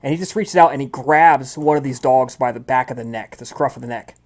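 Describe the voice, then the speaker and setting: A man's voice: mid-range voice, brisk. A man narrating as game master of a tabletop role-playing game, loose and chatty with many fillers.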